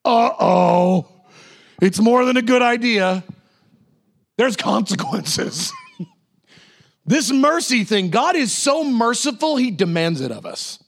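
Lively preacher guy, fairly high voice, swoops all over, acts out bible people in casual voices. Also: slow, creaky, pauses often. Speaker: pastor. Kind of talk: sermon.

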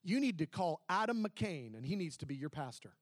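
Guy preaching, tells his story all lively, fast then slow and punchy, acts out the voices, pretty high voice, dry close sound. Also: no echo. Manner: animated, swings between fast excited bursts and slow emphasis; acts out quoted dialogue. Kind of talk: testimony storytelling to a congregation.

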